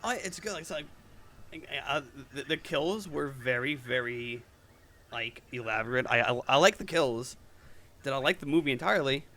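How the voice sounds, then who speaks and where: A man's voice: medium pitch, animated, moderate pace, pushed and bright. A man co-hosting a casual movie podcast, chiming in with blunt, profane remarks. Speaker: podcast co-host. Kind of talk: casual movie review chat.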